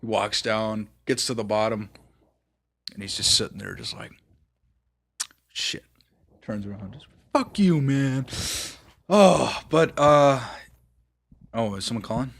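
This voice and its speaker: A young man co-hosting a casual podcast chat, swearing freely and breaking into loud mock outbursts. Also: lowish voice, normal speed, vocal fry. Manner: animated, profane, bursts into loud mock outbursts. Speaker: podcast co-host.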